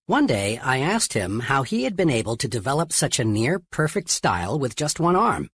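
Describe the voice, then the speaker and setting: Husky-voiced man narrating an audiobook. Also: medium pitch, big pitch swings, normal speed, a bit bright, no room sound.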